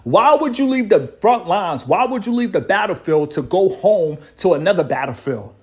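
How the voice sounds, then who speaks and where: A man's voice: high voice, lively intonation, normal speed. A man giving a preachy, repetitive relationship-advice monologue as the show's host. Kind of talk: motivational monologue to camera.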